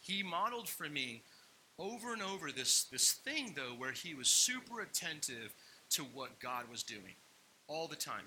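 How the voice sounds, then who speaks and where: A young man tells a personal story in sermon style, acting out the people in it. His voice is very bright and forceful. A faint hiss sits under the recording. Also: mid-range voice, rough recording. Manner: animated personal storytelling, acts out quotes. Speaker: pastor.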